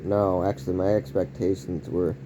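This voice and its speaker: A man rambling through a casual home vlog indoors, using odd word choices and breaking into sudden yelled outbursts. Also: deep voice, little pitch movement, normal speed, noisy background. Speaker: vlogger.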